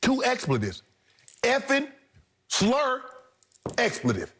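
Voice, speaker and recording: Brief: middle-aged man, high-pitched, heated sports-talk pundit, preachy and emphatic. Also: wildly swooping pitch, slow pace, a bit bright, slightly rough. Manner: emphatic, preachy, addresses co-host directly. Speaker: sports debate show co-host. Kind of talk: heated opinion commentary.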